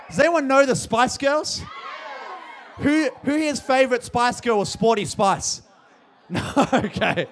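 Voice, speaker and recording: A young Australian man, a youth pastor, hosting a youth service in a big hall, hyped and jokey, often shouting out to the crowd. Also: extremely high pitch. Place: large hall with live audience.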